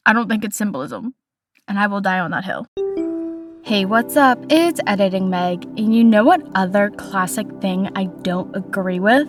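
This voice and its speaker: A young woman hosting a casual podcast, chatty and opinionated, delivering playful hot takes. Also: mid-range voice. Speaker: podcast host.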